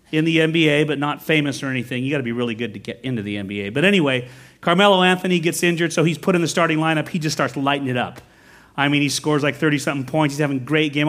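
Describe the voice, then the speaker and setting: A middle-aged man preaching a sermon as pastor, telling stories with quick asides and self-corrections. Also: a little high, a bit bright. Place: church.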